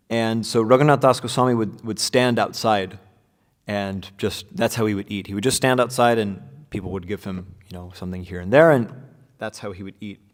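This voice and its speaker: Casting note: man, lowish voice, relaxed class teacher, loose and chatty with ums and restarts, long reverb. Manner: casual, many fillers and restarts. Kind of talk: informal scripture class. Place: room with devotees present.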